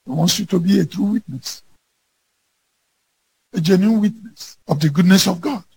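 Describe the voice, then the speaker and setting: A man preaching a sermon as pastor, with emphatic, slowly stressed phrases that build to shouts. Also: sits high, gravelly, husky.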